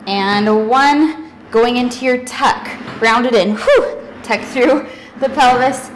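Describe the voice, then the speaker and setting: A woman's voice: a little high, slow pace, a little hiss or hum, rough recording. A young woman leading a workout, counting down and cheering, out of breath at times. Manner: energetic cueing with counting and whoops. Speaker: fitness instructor. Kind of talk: workout instruction cues.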